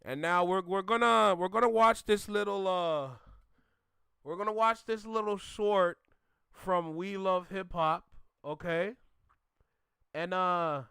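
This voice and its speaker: A man's voice: high-pitched, expressive, measured pace, gravelly, fairly bright tone, clean tone, no room sound, clean studio sound. A man hosting a reaction channel, ranting casually in an emphatic, slangy way and repeating himself.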